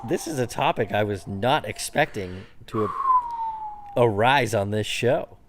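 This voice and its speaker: A man's voice: on the low side, animated, measured pace, very noisy. A man co-hosting a podcast in easygoing casual chat, often agreeing and recapping. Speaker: podcast co-host.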